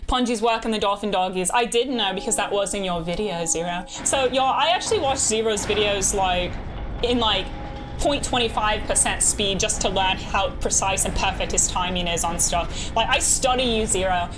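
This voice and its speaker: A young woman, chatting casually with her live chat while gaming, bubbly and quick to laugh. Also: medium pitch, over music. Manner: bubbly, laughs often, reads chat aloud. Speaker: streamer.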